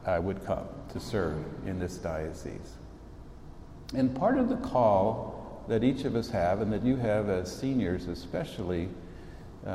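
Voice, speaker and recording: A man's voice: on the low side, a little hiss or hum. A man in his sixties, a bishop, giving an informal talk to students, telling stories in a folksy, conversational way. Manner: folksy storytelling, warm asides. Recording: echoey hall, long reverb, faint ambience.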